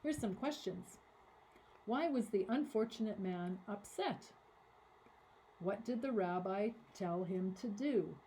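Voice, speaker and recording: Woman telling a children's story, mellow. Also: medium pitch, takes it slowly, slight background noise, poor audio. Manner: animated, dramatic narration with voices for characters. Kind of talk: expressive read-aloud storytelling.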